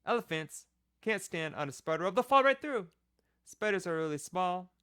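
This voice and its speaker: A man's voice: high voice, lively intonation, moderate pace, sharp tone, smooth, no echo, studio quality, pitched above the performer's own voice. A man voicing a puzzled student who questions his teacher with quizzical, rising questions.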